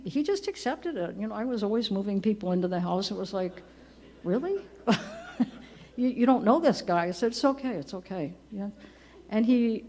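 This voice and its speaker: Older woman in her 70s sharing stories about her late husband at a church memorial, gentle and chatty, laughs softly. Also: mid-range voice. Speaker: widow giving a eulogy. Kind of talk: personal storytelling at a memorial service. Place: church service.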